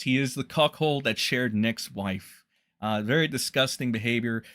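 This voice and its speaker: A man's voice: mid-range voice, sharp tone, no echo. A man ranting in a casual commentary, profane, scornful and rambling.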